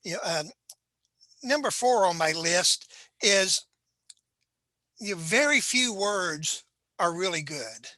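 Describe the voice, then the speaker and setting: Earnest suicide prevention trainer rambling gently thru advice, lots of "you know", dry close sound. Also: mid-range voice, expressive, dry recording, low-quality recording. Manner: halting, earnest, full of "you know" asides. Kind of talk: unscripted advice video.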